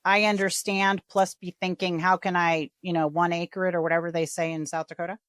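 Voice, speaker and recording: A woman hosting a podcast in casual interview chat, talking in a chatty, animated way and acting out the voices she quotes. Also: on the low side, fairly quick, no room sound. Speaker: podcast host.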